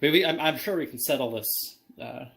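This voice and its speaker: Gravelly guy roleplaying his character, lots of ums and uhs. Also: mid-range voice, moderate pace, fairly bright tone. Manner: hesitant, lots of fillers. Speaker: player. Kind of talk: in-character tabletop play.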